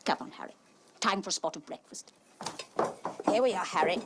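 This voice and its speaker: A woman's voice: mid-range voice, a little fast, slightly rough, close to an everyday voice. An actress playing a fussy, doting middle-aged mother who scolds and coos by turns, in a film scene. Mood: fussing. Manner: bustling, alternately scolding and cooing.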